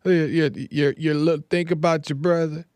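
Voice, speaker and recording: Guy doing a soft pleading mom begging her missing kid to come home, smooth dry voice. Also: a little high, steady tone, moderate pace, no room sound, lightly acted. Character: pleading grieving mother on television.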